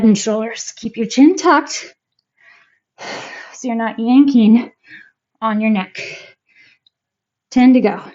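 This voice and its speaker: A woman fitness instructor calmly cueing moves and counting reps through a workout class. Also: on the high side, muffled recording. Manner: calm, encouraging cues and counting reps.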